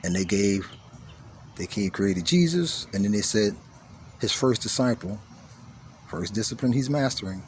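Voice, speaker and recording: A man giving a spiritual teaching monologue, repeating key phrases and swinging between hushed lines and forceful emphasis. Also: lowish voice, animated, measured pace, pauses often, slight background noise.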